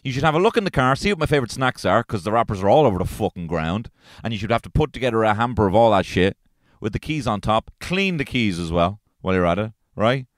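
Ranting Irish man, lively low voice. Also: quick pace, dry recording. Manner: profane, exasperated ranting. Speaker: podcast host. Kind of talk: solo comedic podcast rant. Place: inside his parked car.

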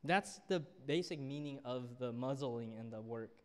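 In a church hall with long reverb, a young youth pastor preaches at normal speed, his mid-range voice clear and resonant. He tells stories and acts out the people quoted in them.

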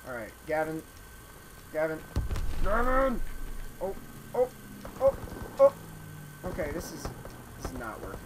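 A man hosting a gameplay video, chatting casually with friends and yelling in frustration at the game. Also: on the high side, very animated, unhurried, pauses often. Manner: loud, exasperated, swears and yells at the game. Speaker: gaming channel host. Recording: game noise behind voice.

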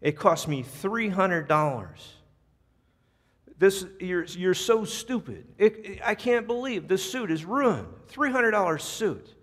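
A man's voice: sits high, expressive, slow, fairly bright tone, voice pushed up, heavily acted. A man playing an enraged restaurant customer who screams and repeats himself indignantly, in a reverberant church. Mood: furious shouting.

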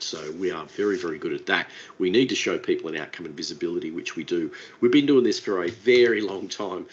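A man with a very low voice walks through a webinar in a relaxed, chatty way, tossing in informal asides. The audio is dull and lo-fi, like a typical online meeting recording. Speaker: webinar presenter. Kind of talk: casual webinar presentation.

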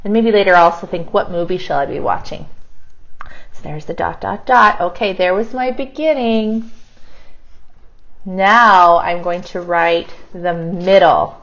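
A woman teacher modeling kindergarten writing, thinking aloud and slowly sounding out each word as she writes. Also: on the low side, fairly bright tone, lo-fi sound. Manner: slow, sounds words out while writing.

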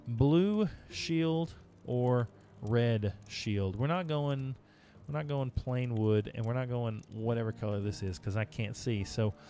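A man's voice: medium pitch, steady tone, normal speed, mellow. Chatty male gamer streaming live. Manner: chatty, talking to chat while playing. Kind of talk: casual live-stream gameplay chat. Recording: music playing behind.

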